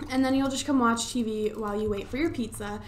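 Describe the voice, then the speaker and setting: A young woman giving casual, excitable gameplay commentary at home into a desktop microphone, swearing freely. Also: on the high side, fast, a little hiss or hum. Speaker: let's play gamer. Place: home room. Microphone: desktop USB microphone.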